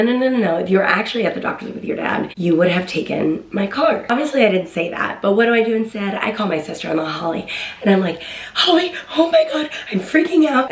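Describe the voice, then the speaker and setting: Chatty young woman in an echoey room. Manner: chatty, excitable, acts out quotes in a higher voice. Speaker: vlogger. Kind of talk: casual storytime.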